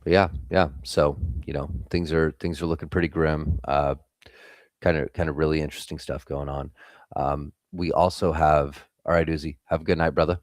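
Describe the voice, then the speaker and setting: A man's voice: a bass voice, steady tone, normal speed, dry recording, studio quality. A young man hosting a live trading stream, giving blunt, casual market commentary and swearing freely.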